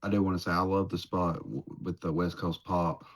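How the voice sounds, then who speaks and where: A man joining a casual podcast chat over a remote call, talking in excitable, quick bursts. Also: deep voice. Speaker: podcast co-host.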